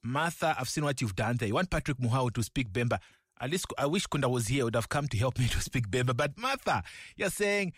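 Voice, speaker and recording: A man's voice: mid-range voice, big pitch swings, fast talker, husky, no echo. A man hosting a Christian radio show, upbeat and effusive, talking from a studio mic. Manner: effusive, warm-hearted and exclamatory.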